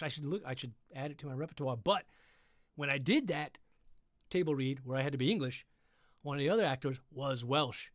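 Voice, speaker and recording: A man's voice: a little high, dry recording, studio quality. A man hosting a livestream reading, chatting in a rambling, joking way between passages and swearing casually. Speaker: livestream host reading a story aloud. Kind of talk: casual chat during a live reading.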